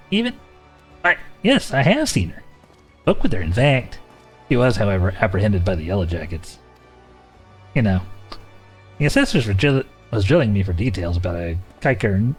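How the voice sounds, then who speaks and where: A man voicing a chatty, helpful market bystander in a game, with a lively, sing-song delivery. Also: fairly low pitch, breathy edge.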